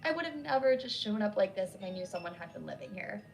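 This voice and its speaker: A woman's voice: medium pitch, lively intonation, fast, gravelly, low-quality recording. A woman voicing a flustered, chatty nurse in her thirties who gushes apologetically, with faint music behind. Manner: gushing, apologetic, nervous laughs.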